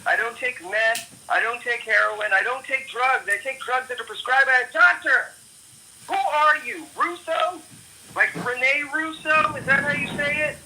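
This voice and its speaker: A man's voice: very high-pitched, unhurried, pushed and bright. A man on a phone call, confused and suspicious, rambling as he answers. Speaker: prank call target. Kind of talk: phone conversation. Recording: noisy phone line.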